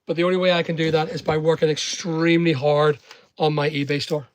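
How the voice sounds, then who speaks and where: A man's voice: a little high, little pitch movement, brisk, no room sound. A middle-aged Northern Irish man rambling chattily on a livestream while packing online orders and talking to viewers. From Northern Ireland.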